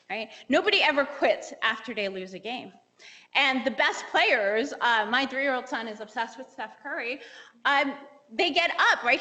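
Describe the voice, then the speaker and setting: A woman in her forties gives a keynote talk on a stage microphone, her bright voice carrying a long lecture-hall reverb. She tells stories in a lively way, with fillers and small laughs, and acts out the lines of people she quotes. Her pitch sits a little high. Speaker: keynote speaker, engineering professor.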